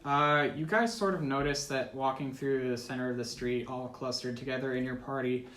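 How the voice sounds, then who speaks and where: A man's voice: mid-range voice, steady tone, moderate pace, fairly bright tone. Teen boy running a tabletop game. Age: teens. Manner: casual, laughing often, many ums and uhs. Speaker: game master. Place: school room. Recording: echoey room.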